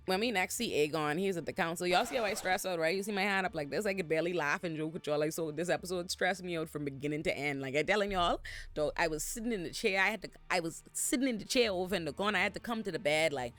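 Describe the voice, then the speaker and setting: A man giving an expressive, profane recap of a TV episode, acting out the characters as he goes. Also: high voice, quick pace, faint music behind. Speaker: show recap host. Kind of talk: animated TV recap commentary. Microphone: facing camera.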